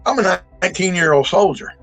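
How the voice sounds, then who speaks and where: A man's voice: high-pitched, fairly quick, fairly bright tone, no echo, soft background music, low-quality recording. A man, telling a true encounter in a folksy, rambling way full of restarts and emphatic bursts. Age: 60s. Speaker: eyewitness storyteller. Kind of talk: casual spoken storytelling.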